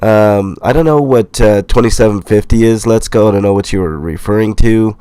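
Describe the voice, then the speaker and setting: A middle-aged man with a stuffy, nasal voice from a cold, casually reading viewer comments aloud as a livestream host, relaxed and rambling. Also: fairly low pitch, normal speed, clean tone, no echo. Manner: relaxed, rambling, with fillers and laughs. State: sick, congested nasal voice.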